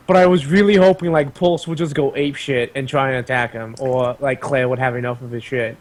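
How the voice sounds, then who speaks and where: A man narrating as game master of a tabletop game, casual and halting, with many pauses and ums. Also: medium pitch, fairly even intonation.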